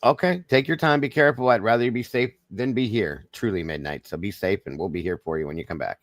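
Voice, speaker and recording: A man's voice: on the low side, quick pace, no echo, studio quality. A man with a Southern American accent hosting a livestream, greeting viewers one by one in a folksy, friendly way. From Southern United States. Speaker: livestream host.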